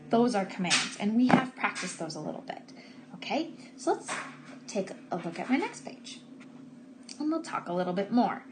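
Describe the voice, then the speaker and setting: A woman teacher giving a patient, slow grammar lesson to first graders, stressing key words. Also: medium pitch, expressive, noisy background. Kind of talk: recorded remote grammar lesson for young children.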